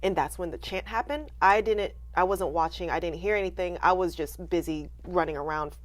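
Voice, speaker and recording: A woman's voice: fairly low pitch, brisk. A woman in her late twenties, a wrestler and interview guest, telling her story candidly and acting out what people said to her. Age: late 20s. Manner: animated, acts out quoted voices, laughs often.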